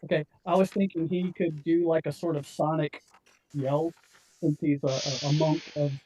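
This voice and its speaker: A man's voice: a little high, little pitch movement, moderate pace, dark tone, breathy edge, rough recording. A man playing a tabletop game, tentatively describing his character's moves and asking questions. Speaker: player.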